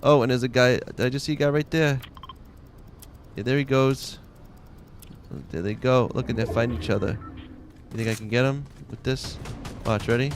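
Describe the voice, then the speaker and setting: A man's voice: medium pitch, steady tone, normal speed, over music. A man with a Long Island accent giving casual commentary as he plays a game, chatty and muttering to himself while he loots. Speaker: game streamer.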